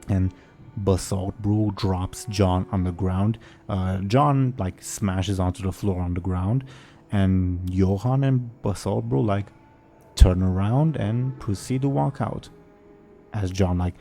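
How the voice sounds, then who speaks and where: A man narrating as game master in a tabletop role-play game, relaxed and full of fillers. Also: low voice, takes it slowly, soft background music.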